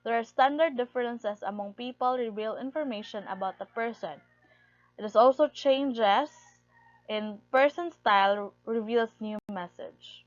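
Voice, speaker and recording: A woman with a fairly high voice delivers a lecture at a very unhurried pace, reading from her notes and leaning on key words. The recording is dull and lo-fi, with a dry, close sound and no room around her. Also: dry recording. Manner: reads steadily from notes, stressing key words.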